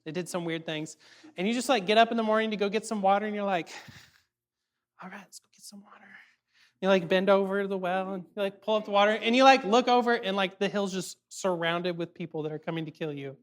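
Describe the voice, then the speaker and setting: A man giving a casual youth sermon, animated and chatty, full of fillers and quick check-ins with his audience. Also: high voice. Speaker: youth ministry speaker.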